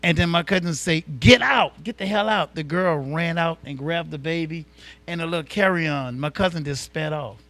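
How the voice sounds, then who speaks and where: A male talk show co-host telling a story in an animated, colloquial way. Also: on the high side, normal speed, dry recording.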